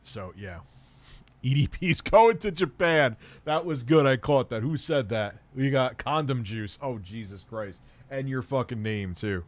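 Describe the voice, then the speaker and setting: A man's voice: mid-range voice, animated, measured pace. A man hosting a livestream, answering viewer questions in a blunt, offhand way and swearing often. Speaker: livestream host.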